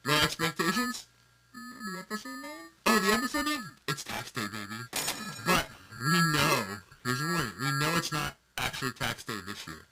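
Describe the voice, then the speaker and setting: A man's voice: fairly high pitch, very animated, moderate pace, over loud music, poor audio. A man co-hosting a casual beer podcast, joking and running himself down. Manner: jokey, self-deprecating banter. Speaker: podcast co-host.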